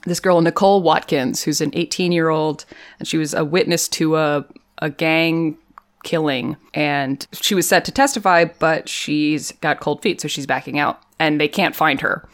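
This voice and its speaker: A woman with a low voice talks through a TV episode with a friend. She is chatty and animated and laughs often, as in a relaxed podcast chat. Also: moderate pace. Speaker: podcast co-host. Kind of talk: casual chat recapping a TV episode.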